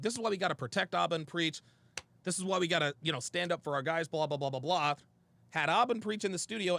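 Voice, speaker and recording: A man hosts his own show, telling a story with heated, profane emphasis and quoting both himself and a friend. His voice sits fairly high with a gravelly edge. The sound is dry and close to the mic. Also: a bit bright, dry recording. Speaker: show host. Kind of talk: heated monologue. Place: studio.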